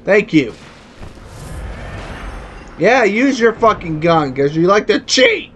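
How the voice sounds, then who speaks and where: A man giving angry, profanity-filled commentary while playing a video game and yelling at the enemy. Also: fairly high pitch, lively intonation, measured pace, pauses often, slight background noise. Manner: furious, swearing, yelling at the game. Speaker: gameplay streamer.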